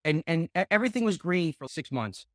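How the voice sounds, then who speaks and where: A middle-aged man coaching a group call on real estate investing, rambling and excitable, swearing often. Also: a little high, fairly quick, no echo, clean studio sound.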